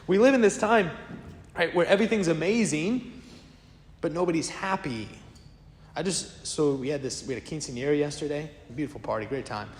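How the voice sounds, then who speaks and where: In a church with long, echoey reverb, a priest preaches a sermon to his congregation in a casual, conversational way. His voice is a little high and a little fast, and he tells stories with energy, acting out the voices he quotes.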